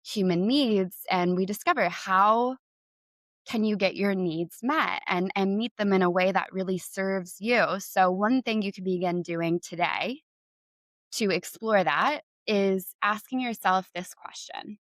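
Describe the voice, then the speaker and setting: A young woman hosting a podcast, talking earnestly with many "like"s and leading a gentle breathing exercise. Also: mid-range voice, a little slow, dry recording. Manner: warm, earnest, says "like" often. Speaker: podcast host and coach. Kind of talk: casual talk with guided breathing.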